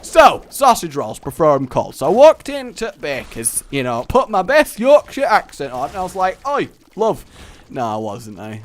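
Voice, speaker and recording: A young English man hosting a gaming video, telling a rambling, jokey story while he plays. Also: medium pitch. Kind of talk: let's play commentary.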